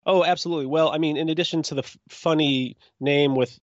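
A man in his forties from Minnesota, a juggler telling his story as a guest in a relaxed, self-deprecating way. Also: on the high side, quick pace, no echo, dull audio. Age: 40s. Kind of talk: casual interview.

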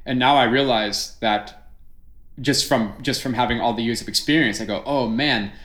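A man's voice: mid-range voice, moderate pace, fairly bright tone. Reflective middle-aged man, roomy echo. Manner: reflective, explains ideas at length. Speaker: juggler. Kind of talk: casual conversation.

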